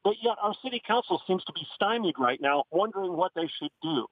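A man's voice: high voice, animated, fairly quick, husky, dry recording. A man from Oklahoma, a guest on a radio talk show, speaking in an impassioned, emphatic way over the phone. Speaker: guest commentator. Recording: tinny phone line.

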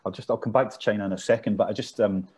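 A man's voice: lowish voice, steady tone, rapid-fire, a little mellow, breathy edge. A man interviewing a guest over a video call, asking friendly, probing questions with some hesitation. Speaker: interviewer, think-tank director.

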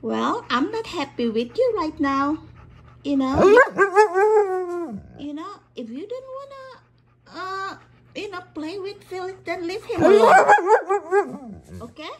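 A woman's voice: very high-pitched, very animated, measured pace, pauses often. A woman chatting playfully with her dog, coaxing it and laughing often. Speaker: dog owner. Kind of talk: casual chat with her dog.

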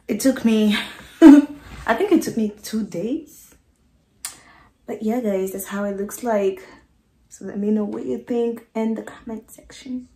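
A woman chatting casually to camera as an art vlogger, often pausing to search for the right word. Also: a little high, mellow. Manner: chatty, searches for words, many fillers. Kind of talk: casual vlog chat to camera. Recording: roomy echo with background music. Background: music playing.

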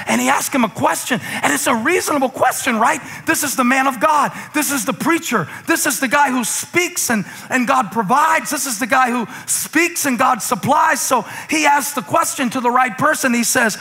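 A pastor in his forties preaches in a loose, conversational way, building to emphatic high points. His voice is bright and sits a little high for a man, and it rings with the long reverb of a large hall. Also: animated, moderate pace, gravelly, slightly rough. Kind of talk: sermon. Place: church stage with few listeners.

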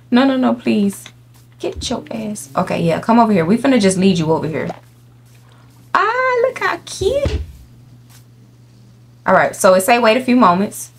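A woman's voice: medium pitch, gravelly, husky. A young woman giving casual, profane let's-play commentary, talking to the game animals and her viewers. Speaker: gaming YouTuber. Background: faint game music.

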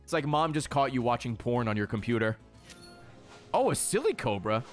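A man hosting a let's play, giving casual game commentary, excitable and heavy on swearing as he talks to the creatures on screen. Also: mid-range voice, normal speed, faint music behind.

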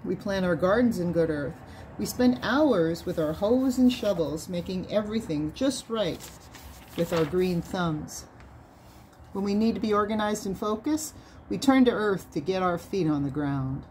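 A woman reading a nonfiction book aloud in a measured way, lifting her voice on key words. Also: on the low side, animated, darkish tone, slight background noise. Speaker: reader of a book on sound healing.

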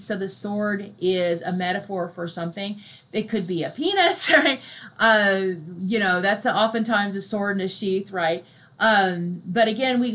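Woman, literature lecture, conversational, frequent "right?", mid pitch. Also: poor audio. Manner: conversational, often adds "right?" as a check; reads poems aloud slowly and softly. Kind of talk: recorded university lecture.

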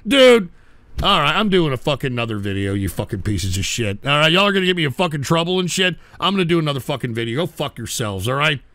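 A man's voice: a little high, lively intonation, fast, few pauses, bright, forceful tone, dry recording. A man hosting a call-in show, ranting at callers with profane, insulting mockery. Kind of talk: abrasive call-in radio rant.

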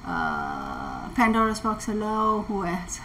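A woman host, chatting casually on a livestream, bubbly and excitable, laughing often. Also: mid-range voice, slow pace, a little hiss or hum, low-quality recording. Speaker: tarot channel host.

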